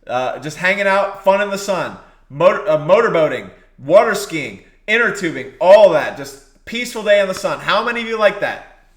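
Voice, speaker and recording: High-voiced preacher in an echoey room. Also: male voice, expressive, normal speed, a bit bright. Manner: exhorting, repeats phrases for emphasis. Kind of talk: sermon.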